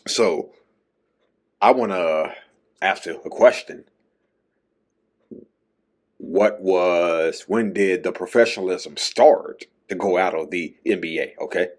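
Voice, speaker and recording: Talking slowly in a low voice and pausing often, a male podcast host delivers a casual, chatty solo monologue on his own show, ending his points with a questioning "okay?"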